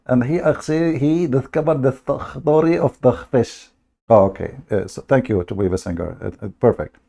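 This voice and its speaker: A man's voice: mid-range voice, moderate pace, creaky, dark tone. A man hosting a live stream, talking in a sarcastic, mocking way and often laughing.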